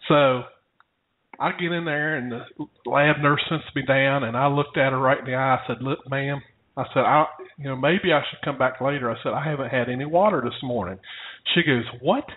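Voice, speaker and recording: Over tinny, phone-like audio, a podcast co-host with a mid-range voice tells his partner a casual, rambling story at a brisk clip. He chuckles often as the anecdote wanders along.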